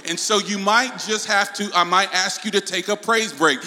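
A man from North Carolina with a Southern accent, preaching to a congregation with call-and-response and the odd shout. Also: high-pitched, normal speed. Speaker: guest preacher. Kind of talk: preaching talk. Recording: hall reverb.

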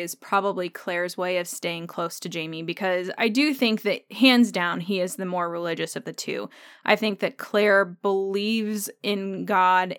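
A woman's voice: medium pitch, a bit bright, smooth, no echo. Woman podcast host, conversational and musing, resonant tone in a dry booth sound. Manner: thoughtful, conversational, thinking aloud with fillers. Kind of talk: solo podcast episode discussion.

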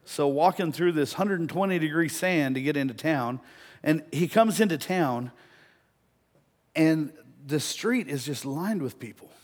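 A man preaching a sermon, telling a story and building to loud, emphatic peaks. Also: fairly high pitch, lively intonation, unhurried.

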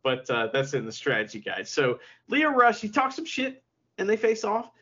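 Podcast co-host guy, cussing a lot, pitch all over the place, kinda lo-fi sound. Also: normal speed. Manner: profane, animated retelling with quoted asides. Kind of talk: casual chat recapping wrestling.

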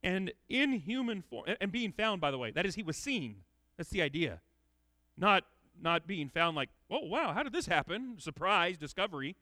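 Emphatic man preaching, bright dry voice. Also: high-pitched, lively intonation, normal speed, no room sound. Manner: earnest, emphatic, repeats words when restarting. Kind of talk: expository sermon.

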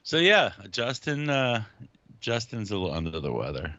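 A man's voice: mid-range voice, big pitch swings, moderate pace, bright, forceful tone, no room sound. Male co-host, crude and mocking, dry dull-sounding mic. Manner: crude, swearing, mocking rants. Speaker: podcast co-host. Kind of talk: casual podcast chat.

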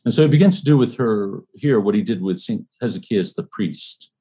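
Deep, husky-voiced man leading a study group. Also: lively intonation, warm tone. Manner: thoughtful, halting, frequent fillers and restarts. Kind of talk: book discussion and reading aloud.

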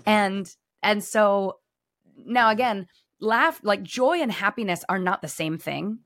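Woman, middle-aged, podcast host, animated storyteller, dry close sound. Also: medium pitch, slow pace, no echo. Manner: animated, storytelling with voiced quotes. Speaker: former pastor. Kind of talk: casual conversation.

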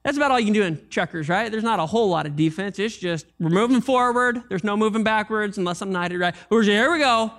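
A man preaching a sermon as pastor, animated and conversational, with jokes and asides to the congregation. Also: sits high, quick pace, few pauses.

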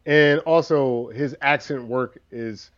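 A man co-hosting a casual film podcast, talking in halting, restarting sentences. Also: mid-range voice, lo-fi sound. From US East Coast. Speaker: podcast co-host. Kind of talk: casual movie-review chat.

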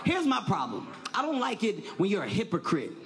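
A man doing a stand-up comedy set, loud and animated, often shouting his punchlines. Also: sits high, brisk.

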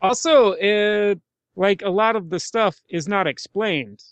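A man's voice: high voice, slow, dry recording. A man co-hosting a casual movie podcast, with sarcastic, self-mocking humor. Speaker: podcast co-host. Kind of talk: casual movie-review chat.

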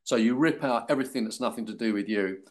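An older man from London, an actor guest in an interview, telling stories in a halting way with many fillers and restarts. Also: fairly low pitch. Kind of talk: casual interview chat.

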